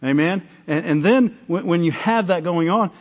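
A man's voice: high voice, moderate pace. A man preaching a sermon in a conversational way, often breaking off and acting out little dialogues. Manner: conversational, self-interrupting, acts out little dialogues. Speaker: pastor. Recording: dull lo-fi recording.

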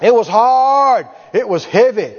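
A man's voice: extremely high pitch, expressive, unhurried, heavily acted. A man voicing astonished church members who ask incredulous questions. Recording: echoey hall, dull lo-fi sound.

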